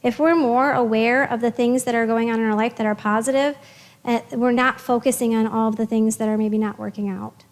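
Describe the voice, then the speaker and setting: High-voiced upbeat woman presenter. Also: fairly even intonation, fairly quick, big-room sound. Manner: chatty, upbeat, many fillers and restarts. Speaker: social worker presenting to parents. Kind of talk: casual presentation to parents.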